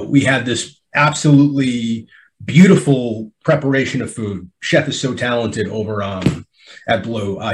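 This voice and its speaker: Male sommelier, mid pitch, casual storyteller who restarts often and acts out dialogue. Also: poor audio. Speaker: sommelier at wine dinners.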